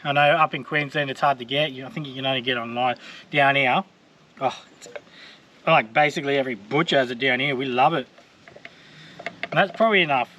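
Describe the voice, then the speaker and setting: A man's voice: mid-range voice, fairly quick, long pauses, bright, forceful tone, a little hiss or hum. An Australian man chatting casually as he cooks for his vlog, loose and joking, with plenty of fillers. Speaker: vlogger cooking on camera. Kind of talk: casual cooking vlog chat.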